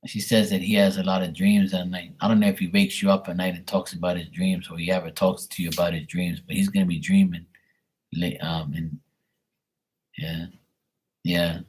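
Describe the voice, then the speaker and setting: Young guy with a low voice doing a live tarot reading on webcam, lots of um and like. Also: level tone, normal speed, a little mellow. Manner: rambling, filler-heavy, relaying messages. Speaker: tarot reader. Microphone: webcam at desk.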